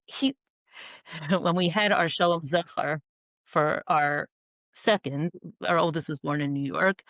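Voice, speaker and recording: A middle-aged woman guest telling stories in an interview, animated and quick to laugh, with many you-knows. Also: medium pitch, no room sound, poor audio. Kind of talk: conversational storytelling interview.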